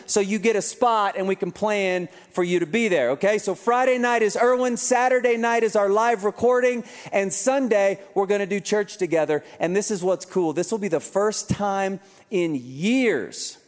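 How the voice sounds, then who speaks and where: A man speaking as a pastor, giving energetic, joking church announcements to a live congregation. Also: high voice. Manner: energetic, joking, urging the crowd. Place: large church venue with a live audience. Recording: long reverb of a large hall.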